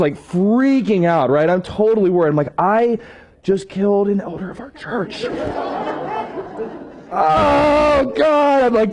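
A man with a fairly high voice tells a self-deprecating story in a sermon. He is animated and keeps checking in with his listeners through short tag questions. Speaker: church staff member sharing a testimony.

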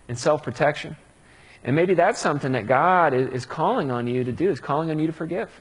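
A man delivering a sermon in a husky, slightly raised voice. He talks casually and conversationally, slipping into the voices of the people he quotes to make his points. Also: a little high. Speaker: pastor.

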